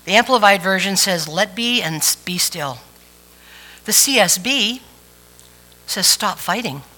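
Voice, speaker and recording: A woman's voice: medium pitch, expressive, unhurried, sharp tone, rough recording. A woman preacher giving a chatty, playful sermon with asides to the congregation. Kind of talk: conversational sermon.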